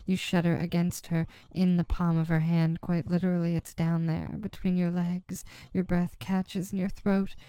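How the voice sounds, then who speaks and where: A woman with a low, mellow and smooth voice tells an erotic story in the second person. She speaks slowly and evenly, in a hushed tone with little rise and fall. The recording is dry and close. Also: level tone, no room sound, rough recording. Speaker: narrator.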